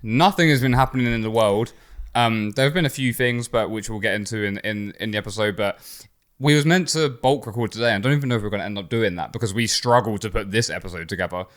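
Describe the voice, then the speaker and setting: A young man co-hosting a casual podcast, talking with a slight lisp from clear aligners, rambling and swearing now and then. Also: fairly low pitch, quick pace, a bit bright. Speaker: podcast co-host. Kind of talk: casual chat.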